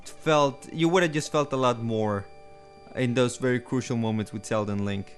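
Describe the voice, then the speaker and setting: A man's voice: mid-range voice, moderate pace, soft background music. A man co-hosting a casual podcast, thinking aloud in a hesitant, musing way. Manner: thoughtful, hesitant, many restarts and fillers. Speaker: podcast co-host. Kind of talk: casual chat.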